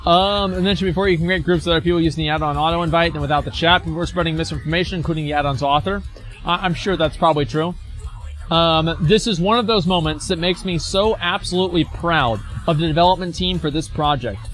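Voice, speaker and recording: A man's voice: on the high side, quick pace, fairly bright tone, faint music behind. A man streaming as he reads forum posts aloud and reacts to them, blunt, mocking and profane.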